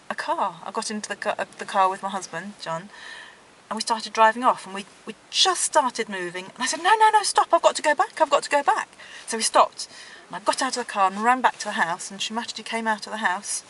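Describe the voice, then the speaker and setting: A middle-aged woman, interviewed, recounting her dreams in a gentle, earnest way. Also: mid-range voice, slight background noise, poor audio. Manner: gentle, earnest storytelling with soft laughs.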